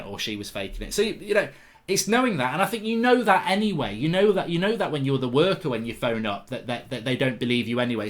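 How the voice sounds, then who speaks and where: A middle-aged man from England talks in a loose, rambling way, swearing freely and often breaking into a feeble put-on sick voice. His pitch sits in a middle range for a man, and his delivery is casual and unscripted. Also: a bit bright. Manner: rambling, swearing, puts on mock weak voices. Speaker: host. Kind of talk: casual chat.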